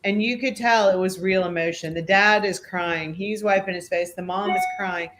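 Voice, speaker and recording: A man's voice: high-pitched, steady tone, a bit bright. A man hosting a live stream, chatting with callers and retelling what struck him in an easygoing way. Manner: easygoing, encouraging, drawn-out retelling. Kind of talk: casual stream chat.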